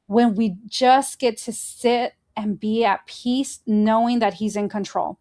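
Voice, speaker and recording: A woman hosting a faith-based motivational podcast, talking earnestly and encouragingly straight to her listeners and gently guiding them through breathing exercises. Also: fairly high pitch, steady tone, takes it slowly, hardly any pauses. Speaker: podcast host.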